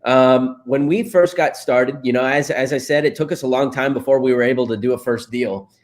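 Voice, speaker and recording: A man's voice: medium pitch, brisk. A married man, a guest in a casual interview, telling stories with frequent laughs and fillers. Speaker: interview guest, real estate investor.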